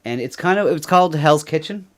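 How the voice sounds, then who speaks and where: Fairly quick and expressive, this Canadian man's voice is fairly high in pitch. He co-hosts a podcast, joking and rambling through casual commentary with frequent laughter.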